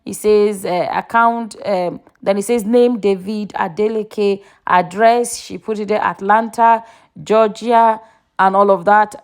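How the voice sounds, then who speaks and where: A woman, chatting casually in a gossip vlog and reading posts aloud with a lifted voice. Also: mid-range voice. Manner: chatty, reads quotes aloud in a raised voice. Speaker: vlogger reading out social media posts.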